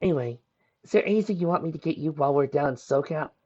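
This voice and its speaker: A man reading as a warm-hearted young woman checking in on her sick sister, friendly and reassuring, with a lively, rising and falling voice. The track is dull and lo-fi, like a home recording. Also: on the high side, fast talker, voice pushed up. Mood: caring. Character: caring, upbeat young woman, foster sister. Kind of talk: fan fiction read aloud.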